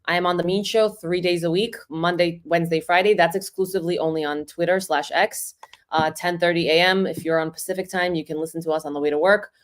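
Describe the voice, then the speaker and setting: A woman's voice: lowish voice, quick pace. A woman whose first language is Russian, a guest on a livestream chat, telling stories animatedly and acting out what people said. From New York area. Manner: animated storyteller who acts out quotes. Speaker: guest impressionist.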